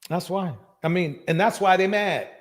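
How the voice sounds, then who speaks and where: A man hosting a live reaction stream. He talks with emphasis, repeats his phrases and breaks into loud bursts of agreement. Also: sits high, normal speed. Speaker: livestream reaction host.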